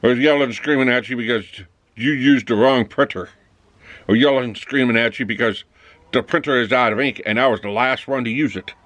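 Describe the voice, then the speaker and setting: Man, casual vlog monologue, rambling, mid-pitched voice, dry close sound. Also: a little fast, a bit bright, no echo. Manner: rambling, plays both sides of dialogues. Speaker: vlogger. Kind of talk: casual monologue acting out office scenes.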